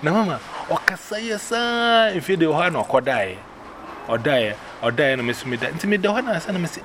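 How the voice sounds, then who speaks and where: A man with a Ghanaian accent telling a personal story in casual, animated speech, acting out the voices he quotes. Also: fairly high pitch, moderate pace, background noise.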